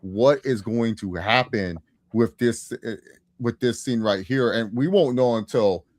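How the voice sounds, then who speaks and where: A man's voice: mid-range voice, measured pace, a little mellow, no room sound. A man co-hosting a podcast, chatting casually about a TV episode with an enthusiastic, self-congratulating manner. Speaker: podcast co-host. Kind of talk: casual TV episode recap chat.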